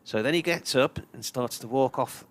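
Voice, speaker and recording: This man has a mid-range voice and talks at a normal speed. While commentating on live cricket, he tells a long, chatty anecdote, putting on voices for the characters in his tale.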